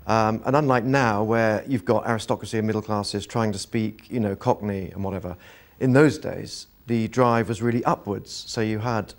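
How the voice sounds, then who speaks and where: A man with a somewhat low voice gives thoughtful, articulate commentary in an interview. He lays out his points in long, fluent sentences. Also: fairly even intonation, moderate pace, hardly any pauses. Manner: articulate, analytical.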